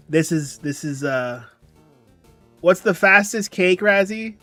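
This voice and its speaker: A man's voice: on the high side, slow, bright, forceful tone, dry recording. A tired young man chatting casually on a livestream, reading chat and rambling along. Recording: music playing faintly behind. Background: faint background music.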